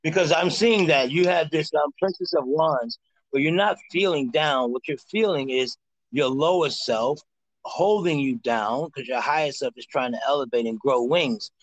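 A man's voice: a little high, normal speed, dry recording, poor audio. A man from Harlem with a New York accent, giving loose, slangy tarot readings to callers on a live show. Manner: loose street talk, playful vocal riffs. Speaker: tarot card reader.

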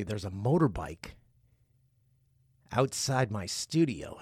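Lively, playful podcast host. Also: male voice, medium pitch, gravelly, slightly rough, no echo, clean studio sound. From Canada. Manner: playful, jokey, lively delivery. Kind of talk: casual podcast monologue reading listener messages. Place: home studio.

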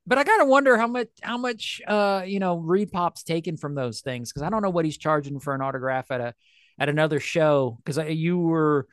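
A man's voice: on the high side, a little fast, smooth, no echo, studio quality. Jokey man co-hosting a podcast. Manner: jokey, laughs often, slips into silly impressions. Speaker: podcast co-host. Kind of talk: casual chat.

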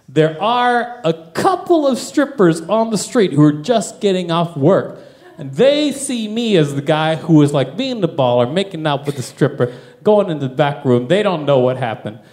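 A young man doing stand-up, telling a wild story with lots of profanity and animated delivery. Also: high-pitched. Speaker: stand-up comedian.

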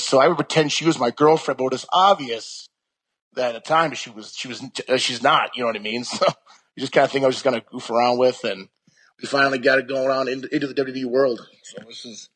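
A man's voice: mid-range voice, a bit bright, slightly rough. A young man chatting casually as an interview guest, rambling with lots of restarts and fillers.

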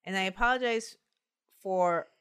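A woman's voice: medium pitch, moderate pace, a bit bright, clear, resonant tone. Woman reading folklore on a podcast. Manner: playful, laughs often. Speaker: podcast host. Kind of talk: reading folklore aloud in casual chat.

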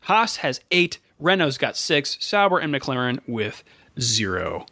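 Bright-voiced man reading race listings. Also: mid-range voice, big pitch swings, measured pace, dry recording, studio quality. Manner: reads standings and race listings with frequent "uh" and self-corrections. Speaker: podcast co-host. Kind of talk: casual motorsport podcast chat.

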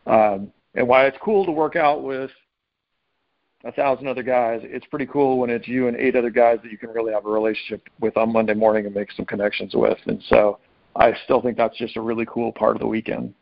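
A man's voice: medium pitch, fairly even intonation, fairly quick, gravelly, dry recording. Upbeat man hosting, lo-fi audio. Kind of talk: casual podcast chat.

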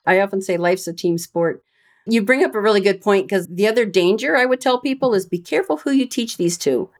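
A woman guest on a podcast tells anecdotes with animated energy and frequent laughter. Her voice sits at a middle pitch. She sounds casual and chatty. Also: a little fast. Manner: animated storyteller, laughs often. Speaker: guest, retired rear admiral and speaker. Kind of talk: casual interview chat.

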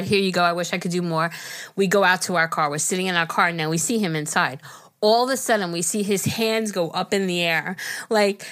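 A middle-aged woman co-hosts a relaxed podcast, her voice placed somewhat low. She tells stories with animation and lets her feelings show readily. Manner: emotional, animated storyteller. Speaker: podcast co-host. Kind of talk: casual podcast chat.

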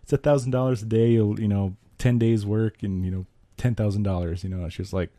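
A man's voice: fairly low pitch, steady tone, a little fast, mellow, dry recording. A man co-hosting a casual podcast, telling a story in a rambling way with lots of fillers. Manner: rambling, many fillers and restarts. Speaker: podcast co-host.

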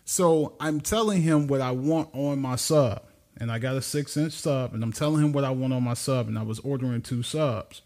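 A man's voice: mid-range voice, moderate pace. A man co-hosting a podcast, telling a story in casual chat, laughing often and acting out the people he quotes. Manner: animated, laughing storyteller who acts out quotes. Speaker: podcast co-host.

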